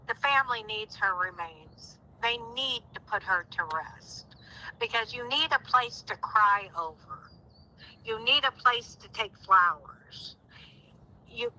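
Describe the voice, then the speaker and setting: A woman's voice: a little high, sharp tone, low-quality recording. A middle-aged woman speaking with heartfelt emotion in a casual conversation, growing indignant at times. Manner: heartfelt, rising to indignant outbursts. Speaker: guest.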